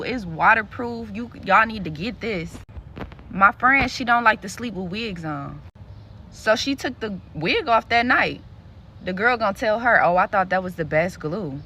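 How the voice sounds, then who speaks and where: A young woman with a bright, forceful voice tells a storytime rant straight to her viewers. She is blunt and profane and jumps into the voices of the people in her story. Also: mid-range voice. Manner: blunt and profane, acts out other people's lines. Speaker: social media creator.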